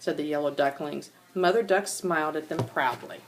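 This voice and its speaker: An older woman, a grandmother, reading a children's animal storybook aloud to her grandchildren with an animated, sing-song manner. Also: low-pitched, normal speed.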